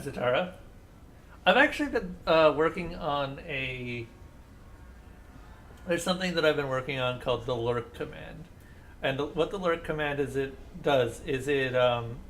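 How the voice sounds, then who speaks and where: A young male streamer chatting casually over gameplay, rambling between topics and firing sarcastic remarks at the characters. His voice sits at a middle pitch, with faint noise underneath. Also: a bit bright. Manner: rambling, sarcastic, talks back to the game. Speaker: game streamer.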